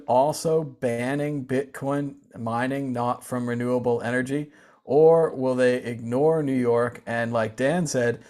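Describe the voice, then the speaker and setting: A male host with an ordinary mid-pitched voice runs a panel show. He keeps things moving briskly, passing the floor from guest to guest. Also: a little mellow. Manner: brisk, steers the discussion.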